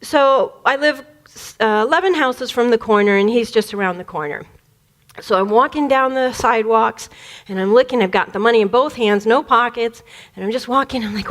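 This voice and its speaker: A woman from the Detroit area, a spiritual speaker, telling a personal childhood story in an animated way, laughing often and acting out the voices. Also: on the high side, brisk. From Detroit area, USA.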